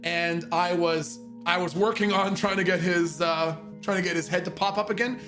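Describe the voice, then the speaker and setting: A young man from Canada telling a story casually, profane and animated, with many fillers. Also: high-pitched, moderate pace, faint music behind. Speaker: streamer.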